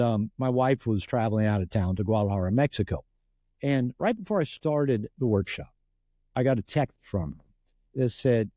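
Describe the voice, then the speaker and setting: Warm, lively-pitched man telling stories. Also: dry recording, muffled recording. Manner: earnest and explanatory, frequent restarts, acts out quoted dialogue. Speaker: podcast guest, relationship author. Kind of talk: podcast interview storytelling.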